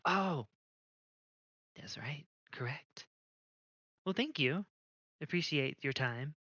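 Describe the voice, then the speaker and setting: A man's voice: a little high, animated, slow, bright, forceful tone, dry recording, muffled recording. A man playing a tabletop game, easygoing and chuckling often. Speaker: player. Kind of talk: casual tabletop play.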